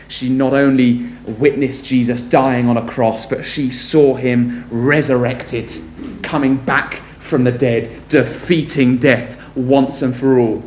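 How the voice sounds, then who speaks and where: A man preaching a sermon earnestly, moving between brisk storytelling and slow, weighty appeals. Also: mid-range voice, darkish tone. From Britain. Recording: echoey room.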